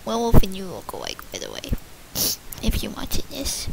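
A female channel host chatting excitedly and thanking viewers by name during a casual gift-opening vlog. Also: mid-range voice, a little fast, gravelly, very noisy.

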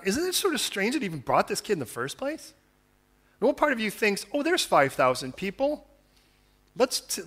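A pastor delivers a conversational sermon in a fairly high male voice. He slips into the voices of the people in the story, then drops low and quiet for asides before rising into loud, fervent appeals. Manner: conversational, acts out dialogue of biblical figures.

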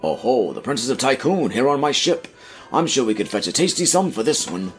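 A man's voice: mid-range voice, sing-song, soft background music, close to an everyday voice. A man voicing a swaggering, sly pirate captain who talks down to his captives. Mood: mocking. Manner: mocking, commanding, drawn-out sea-dog talk.

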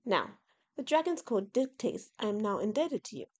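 A woman's voice: medium pitch, sing-song, normal speed, a little mellow, slightly rough. A woman voicing a proud male dragon who speaks in a formal, condescending way about humans. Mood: impatient. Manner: formal, old-fashioned speech, condescending.

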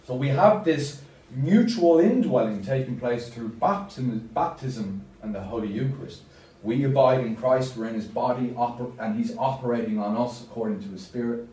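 A man's voice: medium pitch, moderate pace, dark tone. A man giving a parish talk as a deacon, speaking emphatically and putting questions to his audience. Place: church. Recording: echoey church from far off.

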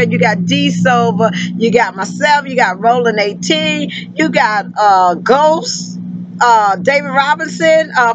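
A woman's voice: high-pitched, noisy background. A woman, a trucking vlogger chatting casually to her viewers, full of endearments like honey and girl.

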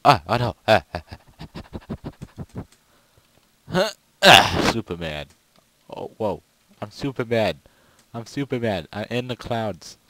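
Goofy low-voiced man narrating gameplay. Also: takes it slowly, long pauses, low-quality recording. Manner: goofy, rambling, excitable outbursts. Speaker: gaming video creator. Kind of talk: casual gameplay commentary.

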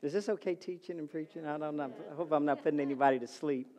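A middle-aged man preaching a sermon as pastor, calling out to the congregation and swinging from loud to soft. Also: fairly high pitch, fast. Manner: calls to the congregation.

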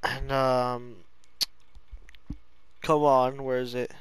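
A man's voice: mid-range voice, little pitch movement, very slow, smooth, dry recording. A man chatting casually, rambling, giggling and swearing as he talks. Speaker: friend chatting. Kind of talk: casual chat.

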